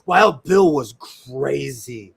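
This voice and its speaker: A man's voice: mid-range voice, expressive, extremely slow, gravelly, a little hiss or hum. A man from the US West Coast hosting a casual sewing chat, rambling and laughing often as he tells stories. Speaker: sewing stream host.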